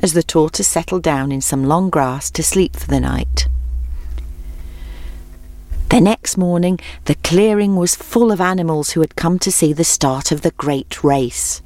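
Low-voiced woman reading a storybook. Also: darkish tone, no echo.

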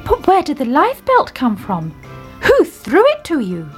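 A woman's voice: high voice, wildly swooping pitch, a little slow, faint music behind, full character voice. A woman voicing a stern boatman who scolds two boys. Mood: scolding.

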